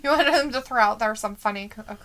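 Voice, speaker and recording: A woman's voice: on the high side, fast talker, fairly bright tone. A woman co-hosting a casual live-stream watch-along, laughing often and swearing bluntly. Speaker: co-host reacting to a wrestling show.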